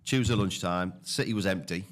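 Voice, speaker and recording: Low-voiced bloke from the northeast, chatty podcast guest spinning a yarn, says mate a lot. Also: male voice, brisk. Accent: northeast English. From northeast England. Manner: chatty, tells anecdotes with lots of "mate" and restarts. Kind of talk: casual storytelling.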